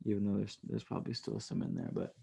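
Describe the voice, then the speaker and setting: A man's voice: on the low side, level tone, fast, gravelly, mellow, breathy edge. A man hosting a casual livestream, reading out chat and telling stories in a loose, rambling way. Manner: rambling, chuckling, loose storytelling with fillers.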